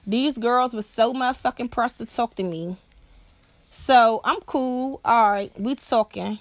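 A young woman talks casually on her podcast, swearing freely and often asking whether the listener follows her. Her voice sits somewhat high. The recording is dry, with no room sound. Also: unhurried, no echo. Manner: blunt and profane, keeps asking "you know what I'm saying"; animated, acts out other people's voices. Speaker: podcast host. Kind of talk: casual storytelling monologue.

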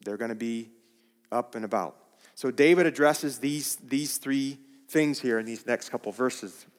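A man preaching a sermon, slow and deliberate, often restarting his phrases. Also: medium pitch, big-room sound.

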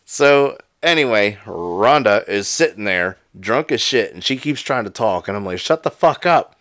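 A man's voice: fairly low pitch, lively intonation, normal speed, fairly bright tone, no room sound, studio quality. Profane, storytelling podcast man. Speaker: podcast co-host. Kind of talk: casual storytelling chat.

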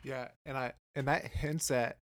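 A man's voice: medium pitch, fairly even intonation, measured pace, a bit bright, no room sound. A male podcast host asking interview questions hesitantly, with many ums and restarts.

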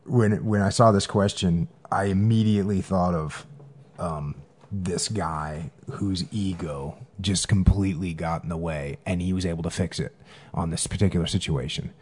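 A man with a low, mellow, slightly husky voice, starting his sentences haltingly and filling the gaps with "you know" and "um." He tells his story in an easygoing, conversational way. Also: fairly even intonation. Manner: halting starts, lots of fillers.

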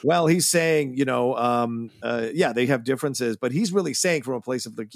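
A man's voice: mid-range voice, moderate pace, few pauses, no echo, clean studio sound. Rambling enthusiastic male podcast host. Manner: enthusiastic, rambling, casually profane. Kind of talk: casual film discussion.

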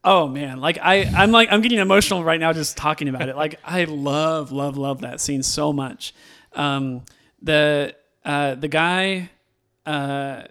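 A man's voice: on the high side, a little slow, a bit bright, smooth. A man chatting casually about a movie, enthusiastic and rambling, full of fillers and restarts.

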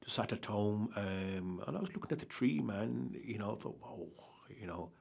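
Guy, husky and lowish voice, rambling honest story, keeps asking do you understand. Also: lively intonation, moderate pace, darkish tone. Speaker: charity organiser telling his story. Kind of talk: candid personal account in an interview.

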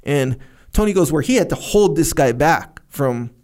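A man's voice: on the high side, expressive, moderate pace, a little mellow. A young man co-hosting a podcast who tells stories with energy, acts out what people said, and says "bro" a lot. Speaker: podcast co-host. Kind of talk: casual storytelling chat.

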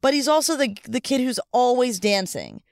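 Co-host type, smooth clear voice, dry sound, chatty rambling storyteller, upbeat. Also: mid-range voice, sing-song, moderate pace, no room sound. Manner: rambling, many "like" and "you know" fillers; enthusiastic, upbeat. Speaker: sports podcast co-host. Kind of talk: casual chat, retelling a story.

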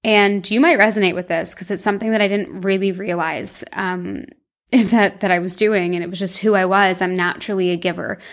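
A woman's voice: mid-range voice, fairly even intonation, a little fast. A young woman hosting her own podcast, talking casually and candidly, rambling with lots of fillers and laughing at herself. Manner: candid and self-deprecating, laughs often. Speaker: podcast host. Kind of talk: casual solo podcast chat.

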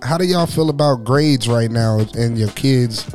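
A man's voice: medium pitch, a little slow, darkish tone, faint music behind. A man hosting a casual podcast, posing rambling questions and laughing along. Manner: meandering questions, easy laughs. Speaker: podcast host. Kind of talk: casual chat, asking questions.

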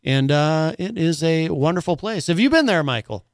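Chatty New radio host. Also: male voice, a little high, lively intonation, moderate pace, no echo, clean studio sound. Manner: rambling, many filler words. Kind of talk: casual talk radio.

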